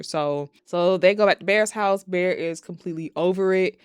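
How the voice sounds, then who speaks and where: A woman's voice: fairly low pitch, moderate pace, few pauses, clear, resonant tone, dry recording. A woman recapping a movie plot in a casual, chatty way, swearing freely and throwing in exasperated asides. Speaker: movie reviewer.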